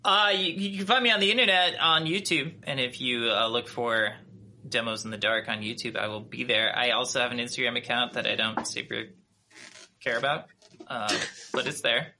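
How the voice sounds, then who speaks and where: A man with a Minnesotan accent, a podcast guest, chatting casually and haltingly with many restarts and fillers over a video call from his pine-walled home studio. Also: mid-range voice, fairly even intonation, sharp tone, slight background noise. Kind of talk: casual chat.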